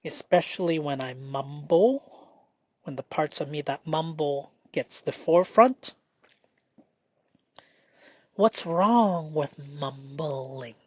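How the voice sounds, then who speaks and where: A man doing a slow, meditative spoken self-reflection, halting and often dropping into a whisper. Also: on the high side, dry recording. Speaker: solo performer. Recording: dull lo-fi dry recording.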